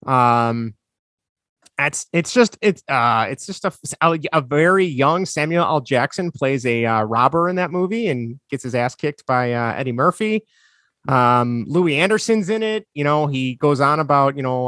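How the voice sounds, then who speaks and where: A man's voice: mid-range voice, lively intonation, moderate pace, fairly bright tone, no room sound, clean studio sound. A man with a Chicago accent co-hosting a podcast, chatting casually and enthusiastically in a rambling way, laughing often. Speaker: podcast co-host. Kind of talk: casual chat.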